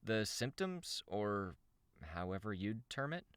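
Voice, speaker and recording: A man's voice: lowish voice, sing-song, slow, fairly bright tone, smooth, no echo, voice pushed up, heavily acted. A man voicing a guarded, impatient young woman hero in an audiobook reading, with earnest, terse questions. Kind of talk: audiobook character voice.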